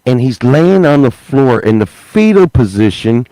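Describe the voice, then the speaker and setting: A man telling a profane, animated story on a podcast, acting out what people said. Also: medium pitch, a little slow, no room sound, poor audio. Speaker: podcast host. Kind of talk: storytelling, casual chat.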